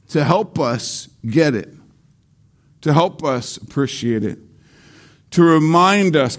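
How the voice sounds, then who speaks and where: A man preaching a sermon slowly and deliberately, repeating key phrases for emphasis. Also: fairly high pitch. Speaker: pastor.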